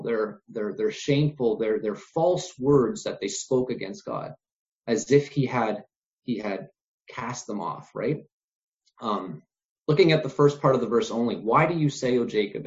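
A man's voice: medium pitch, a little mellow. Earnest male preacher, dull lo-fi sound. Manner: earnest, often adds "right?" and repeats words. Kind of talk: sermon. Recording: dull lo-fi recording.

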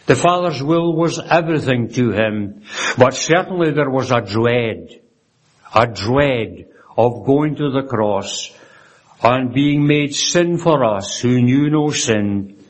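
A man's voice: medium pitch, animated, slow. A man preaching a sermon, earnest and reverent, quoting scripture and often closing a point with a tag question, with frequent restarts. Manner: stumbles and restarts phrases.

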